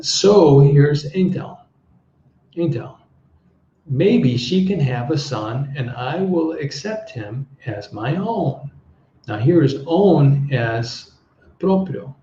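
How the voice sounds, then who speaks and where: A middle-aged man teaching English through a Bible story, pausing often to explain words and translate them. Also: medium pitch, warm tone, a little hiss or hum. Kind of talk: relaxed Bible-based language lesson. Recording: echoey room, slightly dull sound.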